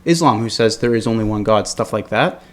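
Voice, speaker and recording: A man co-hosting a casual religious discussion podcast, cutting in with short agreements and quick points. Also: fairly low pitch, lively intonation. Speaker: podcast co-host.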